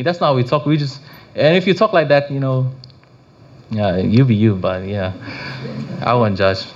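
A man's voice: medium pitch, normal speed. Rambling man giving a casual prayer talk. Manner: rambling, full of restarts and "you know". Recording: slightly dull lo-fi recording.

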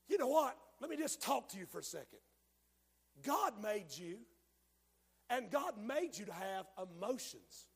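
A man preaching a fiery sermon, dropping to a hush and then rising to shouts. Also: sits high, big pitch swings, a little slow, creaky, slightly rough, big-room sound. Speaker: pastor. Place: church sanctuary.

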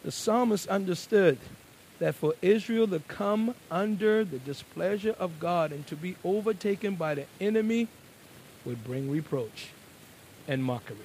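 A man preaching a sermon, moving between quiet, conversational asides and loud, emphatic declarations. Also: high-pitched, lively intonation, normal speed, slight background noise, poor audio.

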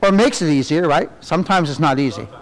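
A middle-aged man leads a Sunday school class in a church. His voice sits a little high, and he talks in an animated way, tossing tag questions at the class. On reverent words he drops to a soft, low murmur. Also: quick pace. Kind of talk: conversational Bible teaching.

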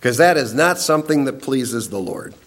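A man preaching a sermon, emphatic and swinging between raised, urgent lines and hushed, low asides. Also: lively intonation, normal speed.

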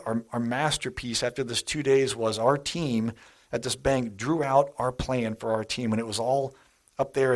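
A middle-aged man preaching a sermon in a church, telling stories in a conversational way and speaking straight to the congregation. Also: medium pitch. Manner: conversational storytelling, addresses the congregation directly.

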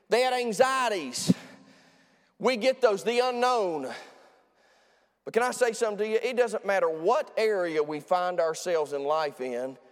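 A man's voice: very high voice, big-room sound. A man preaching a sermon in an emphatic, repetitive way, often restarting his sentences.

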